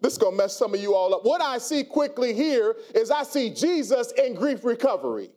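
A male pastor preaching a sermon, calling on the congregation to answer back and building to shouts. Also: very high voice, big pitch swings, fairly quick. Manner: preaching with call-and-response and rising shouts.

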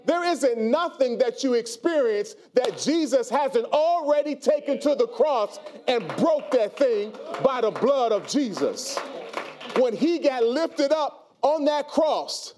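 A man with a very high-pitched voice preaches with a lilt, drawing the congregation into call-and-response. His delivery swings between drawn-out scripture lines and sudden shouted declarations. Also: expressive. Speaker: pastor. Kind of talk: sermon.

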